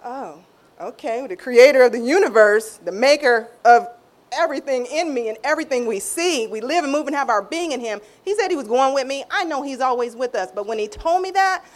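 Animated middle-aged woman telling a testimony. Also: brisk. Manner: expressive, acts out quoted voices with big pitch swings; informal, repeats and restarts phrases. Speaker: guest sharing a personal testimony. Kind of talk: emotional faith testimony storytelling.

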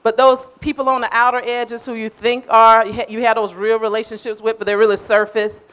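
An older woman giving a conversational sermon as a minister, emphatic and animated, acting out voices as she tells it. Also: a little high, brisk, clear, resonant tone.

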